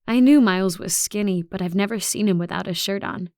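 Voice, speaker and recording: A woman narrates a young adult novel in the first person, keeping her voice soft and close. Her pitch sits in the middle range, and the recording is dry and close-miked with no room sound. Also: brisk, dry recording. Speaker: audiobook narrator.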